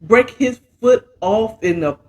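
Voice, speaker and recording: A woman's voice: a little high, expressive, slow, muffled recording, slight background noise. A woman hosting a casual bedtime story recap, chatting in a laid-back, slangy way while mixing and sipping a cocktail. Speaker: host and storyteller.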